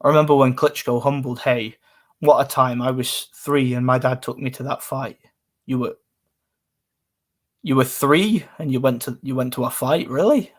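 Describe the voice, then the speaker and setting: A man's voice: medium pitch, moderate pace. A man, casually chatting on a live stream and answering comments in a rambling way. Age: 20s.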